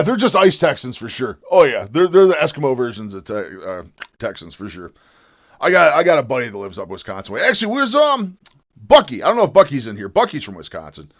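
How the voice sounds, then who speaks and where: A man's voice: mid-range voice, dull audio. An American man livestreaming while he edits a video, chatting in a rambling, joking and profane way. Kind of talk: live-stream chat while video editing.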